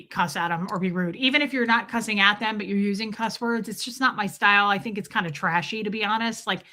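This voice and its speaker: A woman's voice: fairly high pitch, bright, forceful tone. A woman hosting a live stream from home, telling a story to her chat in a chatty, blunt way and swearing freely.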